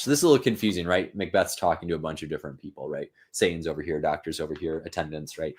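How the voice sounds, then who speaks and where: Guy in his 30s doing a live-stream lesson, deep voice, chatty, lots of ums and "right?". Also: racing, few pauses, husky. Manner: casual and conversational, frequent fillers and "right?". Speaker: literature teacher and channel host. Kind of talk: live-stream reading with commentary.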